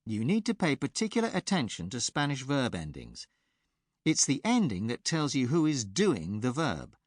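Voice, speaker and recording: A man presenting a pronunciation course in a clear, measured teacher's delivery, recorded close on a studio mic. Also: medium pitch, wildly swooping pitch, no room sound. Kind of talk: scripted instructional narration.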